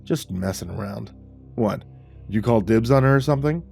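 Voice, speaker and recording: A man's voice: animated, brisk, gravelly, a little mellow, faint music behind. A man doing a smug, crude young guy. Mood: sneering. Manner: low, sneering and dismissive.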